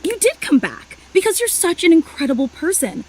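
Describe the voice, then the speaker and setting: A woman's voice: very high-pitched, very animated, brisk, a little mellow, rough recording. A woman voicing an overly emotional, clingy young female superfan in a video game, gushing and apologizing in a tearful rush. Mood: adoring.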